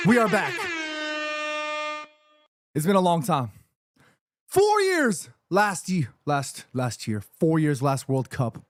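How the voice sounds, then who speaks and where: A man hosting a football watchalong livestream from his room, excitable and emphatic, repeating himself when nervous. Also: on the high side, slow pace, pauses often, soft background music. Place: his room in New York City, indoors.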